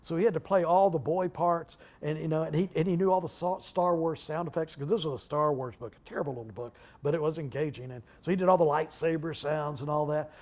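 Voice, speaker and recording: A man in his sixties, a guest speaker, tells stories at a public talk in a halting way, full of restarts and asides. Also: fairly high pitch, a little mellow. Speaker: guest speaker, retired library director. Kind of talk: anecdotal storytelling at a public talk.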